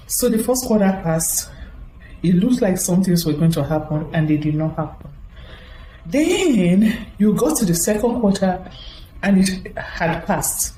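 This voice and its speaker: A woman's voice: on the low side, expressive, unhurried, dark tone, roomy sound, slight background noise, poor audio. A woman giving a storytelling talk to an audience as a motivational speaker. She chats along and acts out the voices of the people she quotes.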